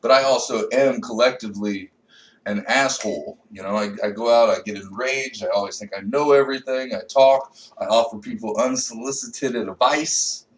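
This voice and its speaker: A young man, a comedian, giving a rambling, profane rant that swings from low mutters to loud outbursts. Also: normal speed, distant mic. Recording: echoey room, a bit off-mic.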